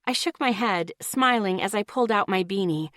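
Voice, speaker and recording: A woman's voice: medium pitch, normal speed, a bit bright, dry recording, clean studio sound. A woman reading a first-person audiobook in a casual, lightly wry tone. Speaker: audiobook narrator.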